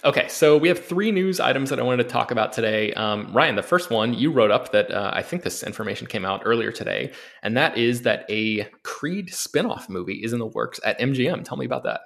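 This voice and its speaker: A man hosts a film news podcast. He talks in a relaxed, loose way and fills pauses with ums and uhs. His voice sits at an ordinary middle pitch. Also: vocal fry. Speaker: podcast host and film editor. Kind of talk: casual podcast chat with read ads.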